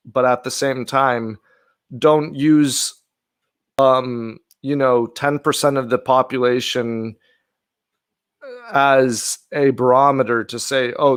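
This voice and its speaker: Host type, male, mid-pitched, smooth and resonant, earnest and conversational. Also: a bit bright. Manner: chatty, earnest, thinking aloud. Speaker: video host reacting to an old clip. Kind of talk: casual commentary.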